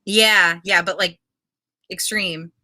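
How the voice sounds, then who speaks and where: A woman's voice: on the low side, steady tone, slow pace, pushed and bright, no room sound. A woman co-hosting a casual book chat, giving blunt, exasperated opinions with some hesitation. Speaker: co-host.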